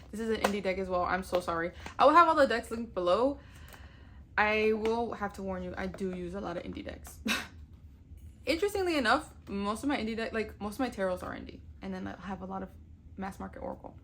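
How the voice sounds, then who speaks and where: A woman's voice: medium pitch, a bit bright, a little hiss or hum. A young woman chatting casually on camera as a vlogger, gushing, swearing freely and laughing often. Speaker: tarot vlogger. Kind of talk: casual chat.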